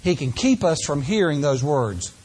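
A man preaching a sermon to a congregation, asking them questions and shifting between slow, drawn-out phrases and quick runs. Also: on the high side, big pitch swings, darkish tone, breathy edge. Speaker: pastor.

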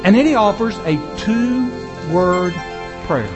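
A high-voiced man preaches a sermon in a conversational way. He acts out other people's prayers and mocking voices as he goes. The recording sounds dull and lo-fi. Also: lively intonation, normal speed, music in the background. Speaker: pastor.

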